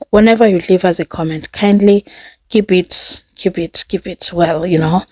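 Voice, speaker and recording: A woman's voice: on the low side, dry recording. A woman hosting her channel, speaking directly to viewers in a friendly, repetitive way. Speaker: channel host. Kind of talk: casual video introduction.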